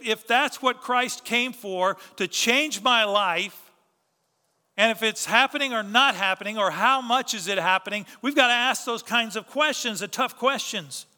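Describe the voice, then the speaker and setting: A man's voice: very high-pitched, unhurried, bright, forceful tone, clear, resonant tone, in a large hall. A man preaching a sermon as pastor, pressing his points with rhetorical questions and repeated phrases.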